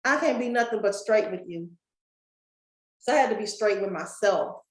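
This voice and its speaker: A woman coach speaking at a summit gives a folksy motivational talk straight to a live and online crowd. Her medium-pitched voice runs at normal speed, and the low-quality recording is reverberant.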